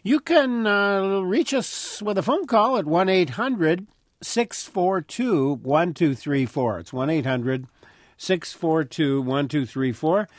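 A man's voice: fairly high pitch, expressive, dry recording, studio quality. A man hosting a public radio call-in show, reading phone numbers and plugs and welcoming callers. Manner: friendly announcer reads, quick plugs. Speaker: radio host. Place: radio studio.

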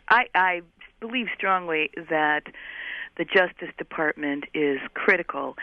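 Lady guest on the radio, measured, explains stuff, sounds like a phone line, dry. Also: low voice, no room sound. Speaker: guest political commentator. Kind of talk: analytical radio discussion.

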